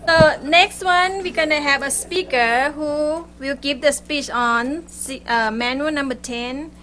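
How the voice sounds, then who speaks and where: A woman hosts a club meeting, chatting in halting phrases as she introduces the next speaker. Her voice is high and bright, her pace very slow, and faint noise sits behind her. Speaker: meeting host.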